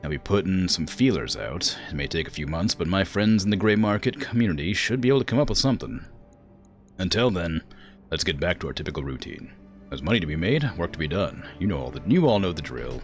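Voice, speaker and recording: Mercenary boss giving orders, matter-of-fact, deep and lively, voiced by a man. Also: quick pace, faint music behind. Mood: businesslike.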